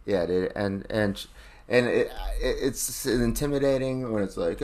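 Rambling, profane man with a low voice. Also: moderate pace, darkish tone. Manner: rambling, lots of filler "like", profane. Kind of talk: casual chat.

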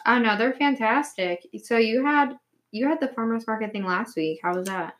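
A woman's voice: a little high, moderate pace. A young woman chatting casually, joking, laughing often and swearing. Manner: joking, laughs a lot, profane. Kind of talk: casual chat.

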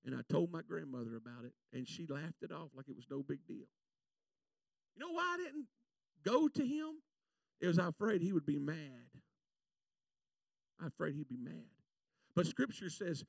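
A man, preaching a fervent sermon and telling folksy stories, stretching out scripture verses slowly. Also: high-pitched, expressive, creaky, darkish tone, no room sound. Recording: voice from a distance from the mic, dry sound.

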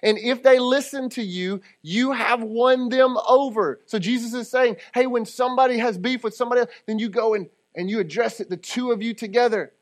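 A man's voice: extremely high pitch, fairly quick, few pauses. A man who is a lead pastor, preaching a conversational sermon and often checking in with the congregation. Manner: conversational preaching with audience call-and-response asides.

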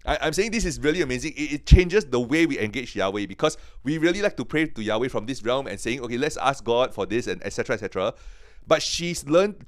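A man's voice: mid-range voice, no room sound, clean studio sound. A man teaching from the Bible on a podcast, earnest and eager, who often stops and repeats his words as he goes. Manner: earnest, halting, many restarts and repeated words; grows excited and emphatic.

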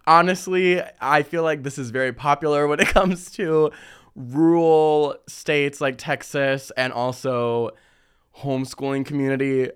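A young man hosting a casual chat, reading listener stories and telling his own with lively slang and frequent laughter. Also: on the high side, measured pace, clear, resonant tone. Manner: animated, laughs often, chatty slang. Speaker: podcast host.

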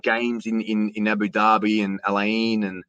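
A middle-aged Australian man in a casual interview, telling stories in a chatty, animated way and calling the host "mate". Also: on the low side, moderate pace, clean tone, no room sound, muffled recording. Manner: chatty, animated storyteller who says "mate" often. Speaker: interview guest, sports announcer.

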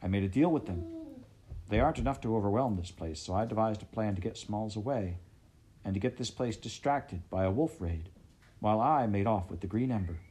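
A man's voice: on the low side, lively intonation, brisk, mellow, slightly rough. Man doing a guilty male rabbit traitor, nervous, shaky, apologetic, storybook.

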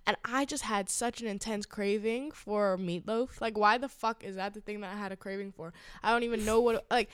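A young woman co-hosting a podcast, telling stories in a casual, animated chat with quick asides and swearing. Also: medium pitch, clean tone, no echo, clean studio sound. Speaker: podcast co-host.

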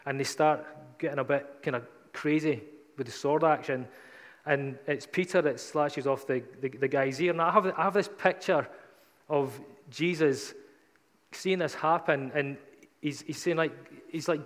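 A man's voice: fairly high pitch, measured pace, big-room sound. A man preaching a sermon, retelling scripture in a casual, conversational storytelling way.

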